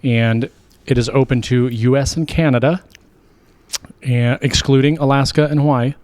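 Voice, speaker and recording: A man's voice: mid-range voice, fairly even intonation, moderate pace, darkish tone, no echo. A man co-hosting a casual podcast, upbeat and chatty as he runs through a giveaway and listener comments. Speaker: podcast co-host.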